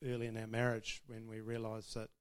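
A man tells a church audience about marriage in an informal testimony, speaking fairly quickly in a clean, low-leaning voice with a completely flat delivery. His manner is conversational and self-mocking, and he laughs frequently.

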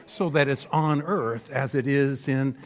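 Animated male preacher, rhetorical asides. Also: medium pitch, measured pace. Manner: animated and emphatic, with frequent rhetorical "Hello?" checks. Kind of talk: sermon. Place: church stage before a live audience.

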